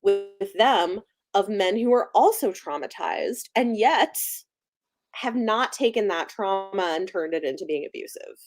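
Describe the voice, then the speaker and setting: A woman's voice: mid-range voice, unhurried, faint music behind. A woman in casual live book chat, agreeing often and filling with "like". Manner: lively, lots of "like" and agreeing "yeah". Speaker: book discussion panelist.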